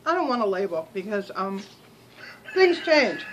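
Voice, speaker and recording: A woman's voice: medium pitch, big pitch swings, a little slow, noisy background. An older woman vlogging in a rambling, chatty way, with many ums and restarts, sometimes talking while she chews. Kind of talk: casual chat to camera.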